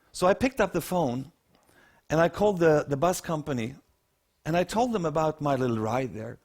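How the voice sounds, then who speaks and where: Swedish guy telling a story on stage, voice a bit high, does little acted quotes. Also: lively intonation, moderate pace, a little mellow. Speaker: keynote speaker. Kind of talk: storytelling talk to an audience.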